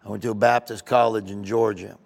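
A man's voice: fairly low pitch, fairly even intonation, brisk, gravelly. Rambling male comedian telling stories. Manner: rambling, storytelling with asides. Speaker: comedian guest. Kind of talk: casual interview talk.

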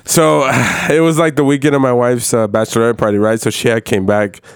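A young man co-hosts a casual podcast, his story full of cussing and loose asides. His voice sits at a middle pitch. It is recorded close and dry. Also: little pitch movement, a little fast, smooth, no echo. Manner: loose, profane storytelling with laughs. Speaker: podcast co-host.

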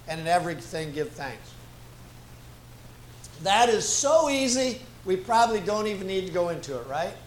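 A man preaching as a guest pastor, slow and emphatic, repeating key phrases for weight. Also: on the high side. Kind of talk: sermon. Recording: echoey room with faint ambient noise.

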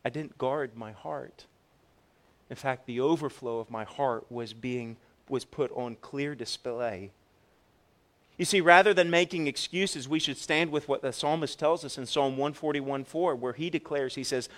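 Male pastor, mid-pitched, storytelling sermon with big dynamic swings and repeated restarts. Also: measured pace. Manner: storytelling, animated with swings from loud to soft; repeats words when restarting.

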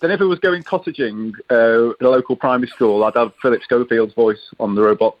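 A man's voice: mid-range voice, fairly quick. A man calling in to a talk show, joking in a rambling way and stumbling over his words. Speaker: caller. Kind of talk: phone-in call. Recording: dull lo-fi phone line.

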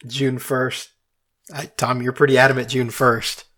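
A man's voice: mid-range voice, little pitch movement, a little slow, bright, forceful tone. A man hosting a casual podcast chat, thinking aloud and hedging with frequent restarts. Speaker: podcast host.

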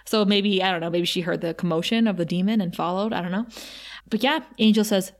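Giggly woman recapping a show. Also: medium pitch. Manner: animated, giggly, quick asides. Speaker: podcast co-host. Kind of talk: casual recap chat.

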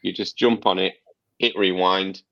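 Deep gravelly man on a podcast. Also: steady tone, a little slow, dry recording, dull audio. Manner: long rambling explanations, swears casually. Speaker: podcast co-host reviewing a game. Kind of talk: casual podcast chat.

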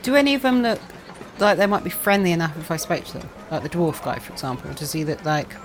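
A woman's voice: low-pitched, fast talker, noisy background. A woman playing in a tabletop game, chatting casually, laughing often and asking questions. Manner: giggly, animated. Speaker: player.

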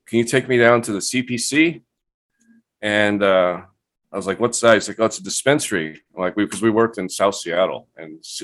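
A man telling stories as a guest on a live online show, swearing freely and acting out what others said. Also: fairly low pitch. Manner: profane, animated, acts out quotes. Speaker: guest cannabis breeder. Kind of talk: casual storytelling.

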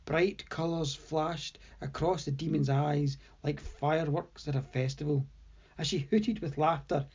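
A woman hosting a story podcast, narrating in a measured, deliberate way. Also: low voice, darkish tone, breathy edge, muffled recording.

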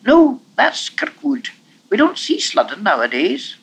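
A man's voice: very high-pitched, huge pitch swings, unhurried, vocal fry, fairly bright tone, slight background noise, pitched above the performer's own voice, exaggerated voice. A man voicing a petulant young boy who whines and insists on getting his way. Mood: eager. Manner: whiny, insistent.

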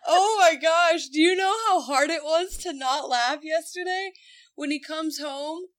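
A woman in her thirties chatting on a podcast, an animated storyteller who laughs through her punchlines. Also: sits high, measured pace. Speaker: co-host telling family stories. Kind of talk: casual podcast chat.

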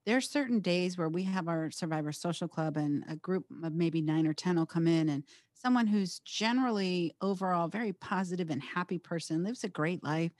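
A woman hosting a podcast, speaking emphatically and encouragingly, with animated quoted speech in her stories. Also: fairly low pitch, dry recording, clean studio sound. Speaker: podcast host. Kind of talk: candid podcast conversation.

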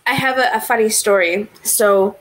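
A woman's voice: on the high side, normal speed, rough recording. A woman co-hosting a film review podcast, chatting casually, swearing freely and laughing often. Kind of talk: casual chat.

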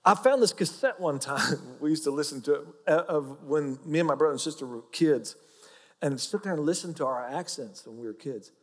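A man's voice: on the high side, animated, fairly quick, a bit bright, big-room sound. A man with an Oklahoma accent preaching a sermon, folksy and joking as he teaches. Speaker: pastor.

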